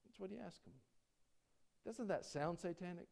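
A man preaching a sermon, folksy and joking with the congregation, swinging between loud preaching and quiet asides. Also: on the high side, very animated, measured pace, vocal fry, pauses often. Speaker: pastor.

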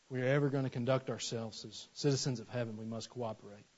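A man, preaching a sermon and telling stories with animated acted-out voices. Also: medium pitch, fast, slightly rough. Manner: animated storytelling, acts out voices in anecdotes. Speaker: pastor. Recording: dull lo-fi sermon recording.

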